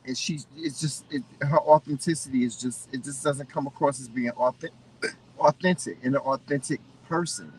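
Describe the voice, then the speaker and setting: A man co-hosting a casual chat, giving opinions in an animated way and often restarting his sentences. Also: medium pitch, normal speed, husky, far from the mic, low-quality recording. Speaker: co-host.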